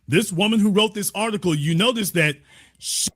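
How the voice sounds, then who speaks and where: A man reads out a news story and tears into it. His voice sits high for a man and rings sharp and bright. His delivery is heated and sarcastic, and he sometimes breaks into shouting. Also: normal speed. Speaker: commentator. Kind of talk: news commentary.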